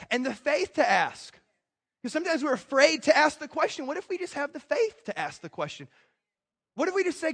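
A man preaching a sermon as a pastor, emphatic and animated, with quick asides to the congregation. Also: extremely high pitch.

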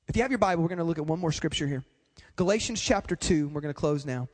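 A man's voice: on the high side, lively intonation, fast, long reverb tail. A male pastor preaching a sermon in an emphatic, repetitive way, speaking straight to the congregation.

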